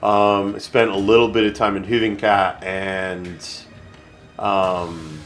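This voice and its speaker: A man's voice: on the low side, level tone, takes it slowly, soft background music. A man streaming a video game, chatting casually and thinking aloud with lots of fillers. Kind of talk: casual live gameplay commentary.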